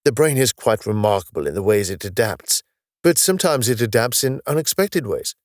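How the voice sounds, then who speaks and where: A man voicing a calm, knowledgeable male space officer from the far future who patiently explains his world with a wry touch. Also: lowish voice, brisk, no room sound, clean studio sound, lightly acted. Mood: explaining.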